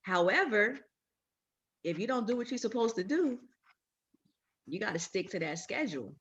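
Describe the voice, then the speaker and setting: A woman's voice: mid-range voice, very animated, moderate pace, a bit bright, muffled recording. A woman leading a sales training, stressing and repeating her key points. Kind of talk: motivational team training talk.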